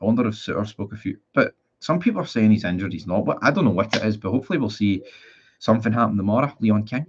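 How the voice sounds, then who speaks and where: This expressive, fairly low male voice talks fast over slight background noise. He's a Northern Irish football fan streamer in his twenties, reading viewer comments aloud on a live stream in a blunt, rambling, casually profane way, all in dull lo-fi sound.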